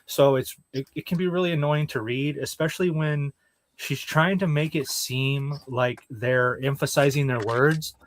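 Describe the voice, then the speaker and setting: A man's voice: mid-range voice, fairly even intonation, normal speed, slight background noise. A man co-hosting a casual comics review show, talking bluntly and swearing freely about what annoys him. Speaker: podcast co-host.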